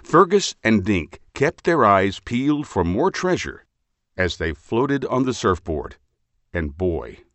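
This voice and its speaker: A man reading a children's picture book aloud for a library phone story line, with expressive, lively storytelling. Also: fairly low pitch, slow pace, no echo. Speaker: storybook reader.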